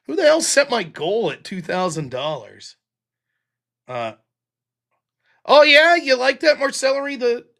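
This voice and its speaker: Male stream host, high bright voice, sarcastic and profane, loose rambling delivery. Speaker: show host. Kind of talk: livestream chat reading donations.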